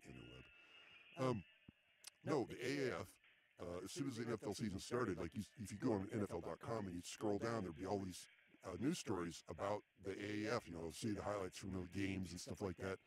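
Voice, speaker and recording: A man with a fairly low voice hosting a loose comedy podcast live. He chats casually and drily, with a quick exasperated edge when teased. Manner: dry, exasperated. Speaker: podcast host. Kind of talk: casual comic chat.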